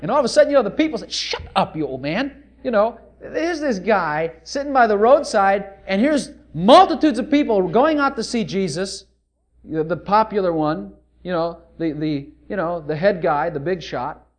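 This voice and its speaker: A male preacher delivering a sermon, animated and full of rhetorical questions. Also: high voice, normal speed.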